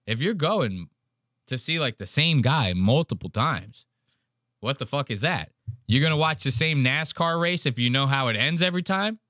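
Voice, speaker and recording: A man's voice: medium pitch, moderate pace, dry recording, clean studio sound. A man hosting a podcast, ranting in casual chat with lots of swearing. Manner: profane, ranting, animated. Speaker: podcast host.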